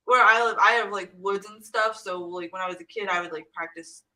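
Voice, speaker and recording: A soft-spoken woman co-hosting a live stream, chatting casually and using many fillers. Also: mid-range voice, fairly quick, poor audio. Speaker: co-host.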